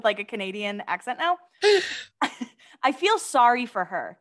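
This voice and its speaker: A woman's voice: on the high side, expressive, moderate pace, fairly bright tone. A woman co-hosting a podcast, chatting casually and reading out celebrity gossip items with gushing asides. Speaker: podcast co-host.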